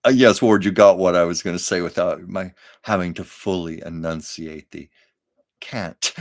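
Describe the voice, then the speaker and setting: A man's voice: deep voice, expressive, slow, long pauses. An older man hosting a casual livestream, telling anecdotes with frequent laughs and reading viewer comments aloud. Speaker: livestream host. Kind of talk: casual storytelling chat.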